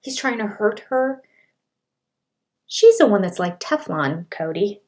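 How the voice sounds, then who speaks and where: An older woman, a speech language pathologist, giving casual commentary on a reality show and reading quotes aloud in an exasperated, animated way. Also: medium pitch, takes it slowly. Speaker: reaction channel host.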